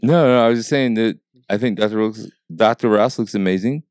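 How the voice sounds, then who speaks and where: A man's voice: on the low side, fairly quick, darkish tone, no room sound, clean studio sound. A man co-hosting a podcast, talking earnestly and hedging, often restarting sentences. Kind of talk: casual chat.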